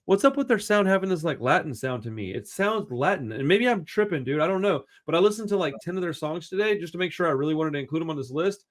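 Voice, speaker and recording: A man talking fast and excitedly on a podcast, his pitch sitting a little high for a man. He swears freely and drops dude and bro into almost every sentence, in loose, rambling chat. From Houston area. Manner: excitable, profane, says dude and bro a lot. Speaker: podcast host. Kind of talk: casual chat.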